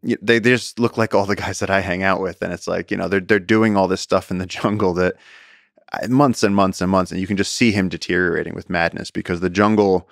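A man speaking as a podcast guest, a conservationist and explorer, telling stories in an animated, casual way and often repeating words as he goes. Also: sits low, brisk, gravelly, no echo, studio quality. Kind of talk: casual storytelling conversation.

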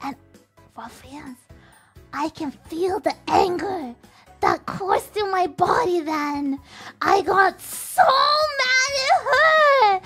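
A woman's voice: very high voice, very slow, faint music behind. A woman co-hosting a stream, telling a dream in casual chat with lots of giggling. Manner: giggly, animated storytelling. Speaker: streamer co-host.

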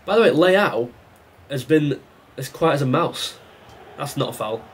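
A gaming YouTuber commentates live over his own football video game match, reacting, complaining, and talking back to the game in exasperation. His voice is a little high and husky, animated yet unhurried.

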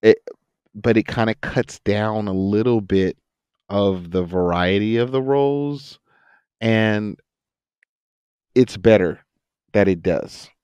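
A man with a slightly low voice chats in a podcast interview, animated and quick to laugh. He tells stories and jumps into other people's voices to act them out. The sound is dry and close, with no room around it. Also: clear, resonant tone, dry recording, dull audio. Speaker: actor and voice actor, podcast guest. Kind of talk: casual interview chat.

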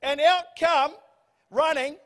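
A man preaching a sermon, telling the story in a humorous, animated way. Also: very high-pitched, takes it slowly. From New Zealand. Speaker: pastor. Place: church hall. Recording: church hall reverb.

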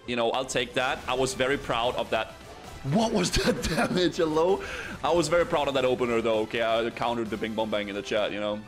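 A man streaming a video game match, commenting excitedly with stammered restarts and sudden laughing yelps. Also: mid-range voice, a little fast, faint music behind. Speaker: streamer playing arena matches.

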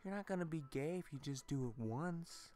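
A man's voice: fairly high pitch, expressive, normal speed, mellow, voice pushed up, close to an everyday voice. A man voicing a pushy, smug, crude male Jesus in a cheeky, laid-back bro tone during joking game commentary. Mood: coaxing. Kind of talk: joking let's-play commentary.

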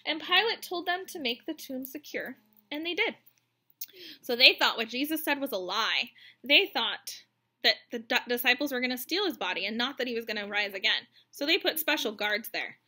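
A woman with a high, sharply bright voice reads a bedtime Bible story to her child. She tells it tenderly and expressively. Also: animated, moderate pace. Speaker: parent reading bedtime Bible stories.

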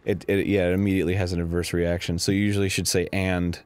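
A man co-hosting a casual gaming show, dropping into a low, dry tone for his jokes. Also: little pitch movement, fast talker, a little mellow, clean tone. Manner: dry, drops into low mock-philosophical tone. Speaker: co-host. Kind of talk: casual banter while gaming.

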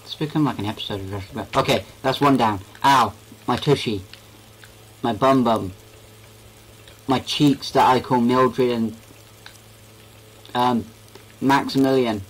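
A man's voice: mid-range voice, unhurried, long pauses, breathy edge, poor audio. A young man giving goofy, rambling commentary while playing a game. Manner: goofy, rambling, talks to himself. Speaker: gaming video creator.

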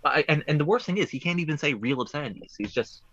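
A man presenting puzzles on a talk show over a remote call, rambling with playful deadpan jokes. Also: a little high, fast talker, husky, no room sound, highs cut off.

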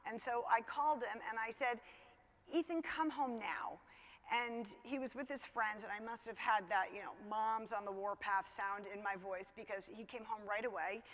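A middle-aged woman telling a personal story about her son in a relaxed, conversational way, full of "you know" and self-mocking laughs. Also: mid-range voice, normal speed, few pauses. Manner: conversational, chatty, many fillers like "you know", laughs at herself. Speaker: speaker telling a parenting story. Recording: long hall reverb.

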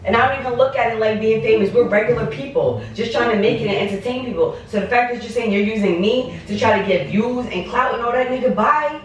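Brief: woman vlogger mid-argument, rapid and cursing; roomy home echo, slightly far from the mic. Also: a little high, slight background noise. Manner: fast, cursing, confrontational. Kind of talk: heated prank-video argument.

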